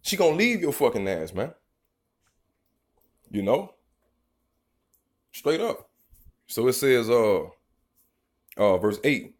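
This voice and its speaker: A man's voice: mid-range voice, big pitch swings, takes it slowly, long pauses. A man preaching an informal, profane sermon. He reads scripture verses, then riffs on them in a rambling, emphatic way and keeps tagging lines with "man". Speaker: street preacher.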